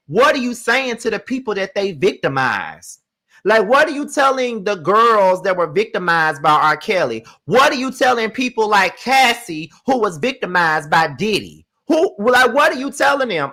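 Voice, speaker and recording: A man hosting a commentary show, ranting fierily with profanity and rapid rhetorical questions, swinging between loud and soft. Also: high-pitched.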